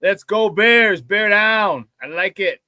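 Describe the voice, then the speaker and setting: A man hosting a casual sports talk show, animated, laughing easily and greeting viewers by name. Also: high voice, slow, dry recording, clean studio sound.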